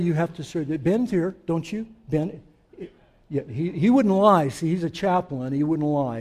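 A male pastor preaching a sermon to his congregation, joking with them in conversational asides, then turning quiet and reflective or rising to emphatic declarations. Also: mid-range voice.

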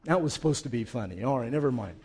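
A man preaching a sermon with emphasis, who asks the congregation questions and moves between loud and hushed passages. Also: medium pitch, expressive, fast, husky. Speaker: pastor.

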